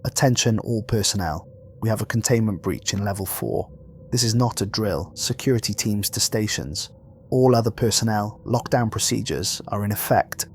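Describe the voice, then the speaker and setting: An eerily calm facility director, voiced by a male narrator announcing an emergency over an intercom in a sci-fi horror tale. His tone stays flat and controlled, fairly low, with faint ambience behind. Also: normal speed, a little hiss or hum, natural voice.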